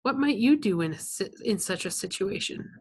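A woman's voice: medium pitch, animated, moderate pace, breathy edge. A woman reading a novel aloud to listeners, stopping now and then to explain things in a chatty, plain way. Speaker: reader.

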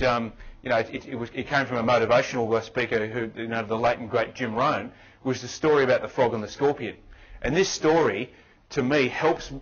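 Australian man presenting with a husky voice. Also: medium pitch, fairly bright tone, highs cut off. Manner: conversational, asks the audience questions. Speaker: conference presenter. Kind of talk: motivational business talk. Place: conference room.

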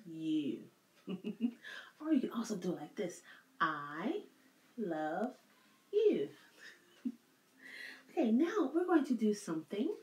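A preschool teacher leads a circle time lesson for young children in a church classroom, asking patient questions. Her mid-range voice has a darkish tone. The room is echoey, with faint music in the background.

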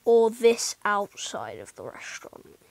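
A woman's voice: on the high side, big pitch swings, measured pace, vocal fry, no echo, rough recording. A woman giving casual, rambling gameplay commentary, mocking herself and often muttering asides under her breath. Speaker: gaming YouTuber.

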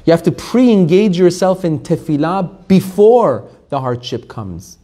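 A man, a rabbi, teaching a Torah class to a live audience, animated, asking the room questions and laughing often. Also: sits high.

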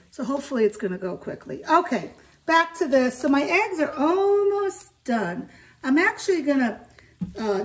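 Older lady vlogging from her kitchen, chatty and rambly, kinda high voice, mic a bit far off. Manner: chatty, rambling, talks to camera while cooking. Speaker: home cook vlogger. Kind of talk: casual cooking vlog. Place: home kitchen.

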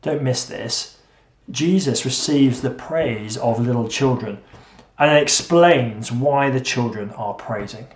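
A man's voice: mid-range voice, takes it slowly. Guy preaching a sermon, lots of rhetorical questions and repeats, roomy echoey church sound. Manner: swings between emphatic and hushed delivery. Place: church hall. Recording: echoey room.

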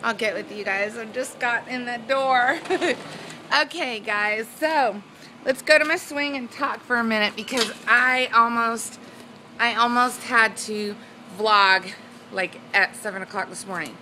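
Bubbly woman with a bright voice. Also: a little high, measured pace, a little hiss or hum, rough recording. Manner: bubbly, giggly, excitable. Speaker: weight-loss vlogger. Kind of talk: casual vlog chat. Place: at home indoors, then on a swing.

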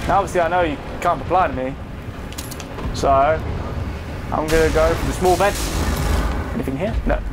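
A man giving chatty, excitable live commentary while playing a video game, talking to his viewers and swearing now and then. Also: fairly high pitch, normal speed, pauses often, heavy background noise. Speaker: gaming video host. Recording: commentary over loud game gunfire.

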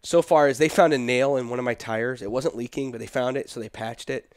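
A middle-aged man telling a personal story in casual conversation, animated and quoting the people in it. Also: mid-range voice, brisk, dry recording, clean studio sound. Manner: animated, quotes people in his story, laughs between. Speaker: guest telling his story.

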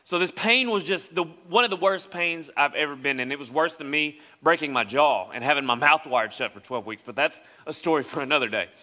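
A young man with a bright, forceful voice, telling a story from the pulpit. He speaks a little high for a man and acts out the other people in his story as he goes. His voice carries with a long ring through the church hall. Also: fairly quick, few pauses. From West Tennessee. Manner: animated storyteller acting out quoted voices. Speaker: pastor. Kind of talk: sermon storytelling. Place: church sanctuary.

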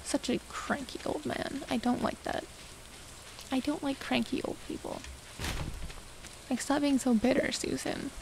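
A young woman with a high, gravelly voice rambles through relaxed gameplay commentary at an unhurried pace. She mutters and jokes at herself as she plays, with a steady hiss of noise behind her. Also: rough recording. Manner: rambling, self-mocking chatter to herself. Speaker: gaming streamer. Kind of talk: casual let's-play commentary.

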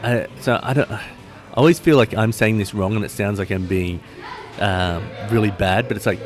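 A middle-aged Australian man hosts a podcast, rambling through loose, jokey chat and often restarting his sentences. His voice sits fairly low, and faint music plays behind him. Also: normal speed. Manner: chatty, rambling, laughs easily, many restarts. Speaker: podcast host. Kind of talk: casual interview chat.

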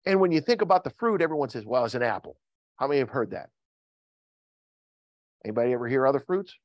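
A man's voice: quick pace, no room sound, highs cut off. A man preaching a sermon as pastor, joking and asking the congregation questions. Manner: joking, asks the congregation questions, lively swings in pitch. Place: church. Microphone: video call recording.

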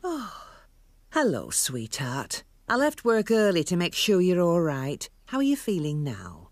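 A woman voicing a gentle, caring mum in a children's cartoon, speaking in a soft, fussing way with a British accent. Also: on the low side, wildly swooping pitch, measured pace, dry recording, clean studio sound, exaggerated voice. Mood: concerned. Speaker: mother character.

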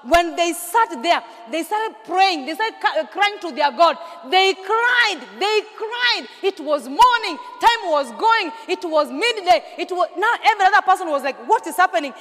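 A woman pastor preaches in a strikingly high voice. She fires questions at the congregation and breaks into loud, emphatic bursts. Her voice rings through a large church hall with a long reverb. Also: animated, unhurried, few pauses. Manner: emphatic call-and-response preaching, bursts of shouting. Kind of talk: sermon.

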